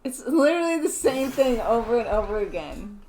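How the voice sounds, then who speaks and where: A woman's voice: a little high, lively intonation, a little fast, darkish tone, soft background music. A woman co-hosting a gaming stream, chatting casually with teasing, joking banter. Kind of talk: casual chat while gaming.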